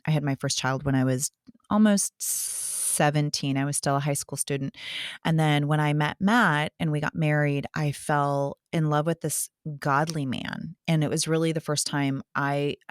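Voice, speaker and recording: A woman's voice: low voice, fairly even intonation, moderate pace, clear, resonant tone, dry recording, studio quality. A woman hosting a faith podcast, sharing her own story in a heartfelt, personal way before asking her guest a question. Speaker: podcast host.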